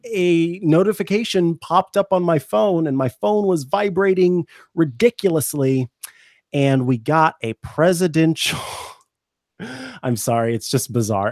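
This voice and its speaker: A man's voice: fairly high pitch, expressive, unhurried, a little mellow, no room sound, clean studio sound. A man hosting a tech podcast, chatting casually with a wry, joking manner. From United States. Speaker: podcast host.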